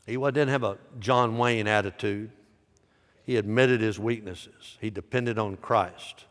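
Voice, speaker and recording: Impassioned preacher in a big hall. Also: male voice, on the low side, unhurried. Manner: impassioned preaching, rising loud then dropping soft. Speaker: pastor. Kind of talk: sermon. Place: large church sanctuary. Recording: live sanctuary with long reverb.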